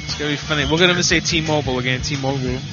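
A man's voice: fairly high pitch, very fast. A man hosting a casual prank-call radio show, rambling with laughs and crude banter. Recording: dull lo-fi sound with music behind.

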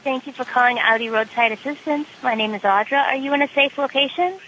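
A woman's voice: high-pitched, fast, pushed and bright. A woman working as a roadside assistance agent, taking a call in a polite, formal, patient way. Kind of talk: scripted customer service call. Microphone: phone. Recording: noisy phone line.

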